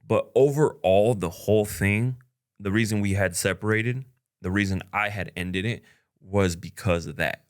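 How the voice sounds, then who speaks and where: Rambling young man, lowish voice. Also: normal speed. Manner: rambling, frank, full of "like" and "you know". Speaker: content creator. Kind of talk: candid personal vlog talk.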